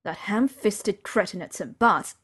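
A woman's voice: mid-range voice, a little slow, fairly bright tone, husky. A woman reading an audiobook voices an aloof, proud young man in pain, with a dry, clipped manner. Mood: guarded.

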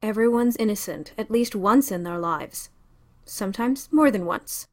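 Worried gentle male doctor, read by a woman, soft concern with sharp edges. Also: mid-range voice, lively intonation, moderate pace, voice pushed up, close to an everyday voice. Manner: soft, concerned, sometimes swearing. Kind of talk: audiobook character reading.

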